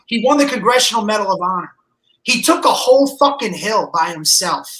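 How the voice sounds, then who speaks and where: A man in casual late-night podcast chat, fired up and profane, breaking into shouts. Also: high voice, animated, brisk, echoey room, rough recording. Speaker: podcast guest.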